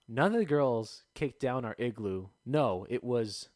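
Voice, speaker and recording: A young man hosting a podcast, telling stories in an animated way with laughter. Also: medium pitch, measured pace. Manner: animated, laughing, acts out voices. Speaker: podcast host. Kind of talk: casual storytelling chat.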